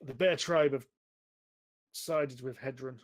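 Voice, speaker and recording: A man voicing a gruff barbarian king of an elk tribe, speaking in a solemn, formal way over an online call. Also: medium pitch, slow, lightly acted. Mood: scornful.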